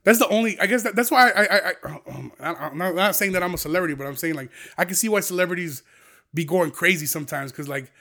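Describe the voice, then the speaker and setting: A young man hosting a podcast, ranting profanely and heatedly, swinging between low mutters and loud outbursts. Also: fast talker, creaky. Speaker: podcast host.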